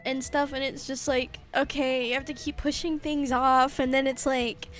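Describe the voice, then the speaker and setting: A young woman streamer talking haltingly on a livestream, tearful, with many fillers, curses and nervous laughs. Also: high voice, flat delivery, soft background music. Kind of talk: emotional livestream chat.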